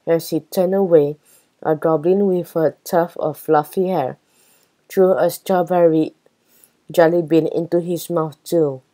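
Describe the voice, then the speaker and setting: Woman reading a kids' chapter book; low, slow, mellow. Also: low-quality recording. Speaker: storybook reader.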